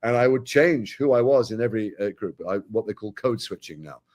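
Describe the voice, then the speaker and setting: A middle-aged man from Britain talks at a brisk, rapid clip as an interview guest. He sounds animated and chatty, tossing in quick asides between his stories. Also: lowish voice. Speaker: actor guest. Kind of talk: casual interview chat.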